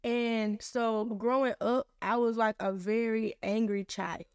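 A woman's voice: fairly high pitch, slow pace, clear, resonant tone, dry recording, studio quality. Candid young woman hosting a faith podcast. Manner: candid, animated storytelling with acted-out dialogue. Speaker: podcast host. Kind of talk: casual faith podcast chat.

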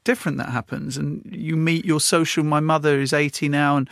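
A man's voice: fairly high pitch, flat delivery, a little fast, creaky, fairly bright tone, dry recording. A man hosting a podcast interview, chatting playfully with his guest in a studio. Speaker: podcast host. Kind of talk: interview chat. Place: radio studio.

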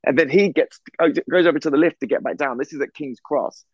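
Brief: male co-host, fast animated anecdote, heard over a dull-sounding video call. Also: on the high side, no echo. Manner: rambling, animated, fast anecdote-telling with restarts. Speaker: podcast co-host. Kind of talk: casual storytelling chat. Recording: slightly muffled video call audio.

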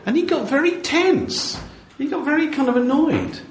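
A man's voice: very high-pitched, expressive, moderate pace, reverberant, slight background noise. A man hosting a podcast, chatting casually and telling wry stories with frequent laughs. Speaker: podcast host. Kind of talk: casual chat.

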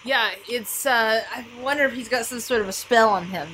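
Woman, higher voice, eager tabletop player, noisy hissy recording. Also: normal speed. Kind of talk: casual in-character game chat.

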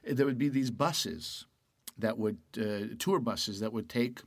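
A Canadian man telling lively stories in a casual chat, acting out other people's lines. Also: medium pitch, takes it slowly, no echo. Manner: animated storyteller, acts out quoted voices.

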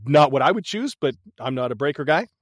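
A man with a slightly raised pitch tells a movie's story in loose, profane podcast chat. He is animated and laughs often, and the close, dry sound keeps his voice right up front. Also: brisk, dry recording. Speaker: podcast co-host. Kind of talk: casual movie recap chat.

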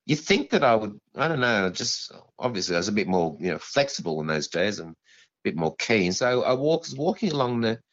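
Man, guest storyteller, halting and rambling, lively swooping pitch, muffled lo-fi call audio. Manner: rambling, halting, full of restarts and "you know". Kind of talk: storytelling in an interview.

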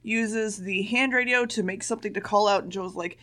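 A woman's voice: mid-range voice, moderate pace, fairly bright tone. Sarcastic woman recapping an episode. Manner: sarcastic, blunt, swears. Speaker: podcast co-host. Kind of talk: casual recap chat.

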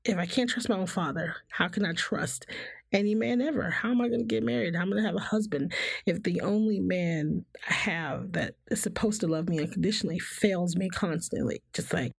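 A woman with a gravelly, husky voice speaks candidly and laughs often, breaking into higher voices when she mimics friends and family. Her voice is close and dry, with no room sound. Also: brisk, no echo. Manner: animated, laughs often, acts out others' voices. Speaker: guest. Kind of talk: candid personal conversation.

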